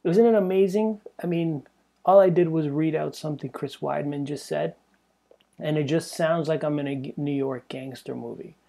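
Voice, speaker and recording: Gravelly man rambling on a podcast. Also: on the high side, fairly even intonation, moderate pace, mellow. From Canada. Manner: rambling and digressive, chuckles between thoughts. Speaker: podcast host. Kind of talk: casual podcast monologue.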